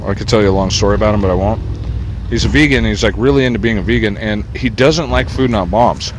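A man's voice: on the low side, quick pace, slight background noise. Irritable, profane older man rambling outdoors. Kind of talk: rambling street vlog. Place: outdoors on a city street with traffic. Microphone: small wire mic worn on body. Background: passing cars and motorcycles.

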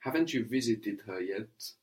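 Male language tutor, slightly low voice, patient, explains step by step. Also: animated, normal speed, a little mellow. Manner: patient, repeats answers and explains grammar step by step. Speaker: language teacher. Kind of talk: spoken language lesson.

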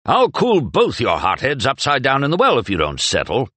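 A man voicing a burly middle-aged soldier who is gruff and used to giving orders. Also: sits low, sing-song, takes it slowly, a bit bright, no echo, heavily acted. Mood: commanding.

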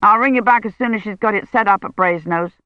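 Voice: medium pitch, quick pace, no room sound, pitched above the performer's own voice, lightly acted. A reader voicing an older male academic who presses urgently for help. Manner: urgent, persuasive. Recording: dull lo-fi sound.

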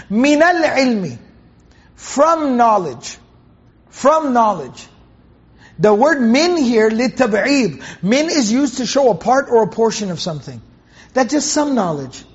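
High, husky-voiced man teaching scripture. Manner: earnest, repeats phrases for emphasis; recites Arabic verses slowly. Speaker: Quran teacher. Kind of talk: Quran commentary lesson. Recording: dull, muffled lo-fi recording.

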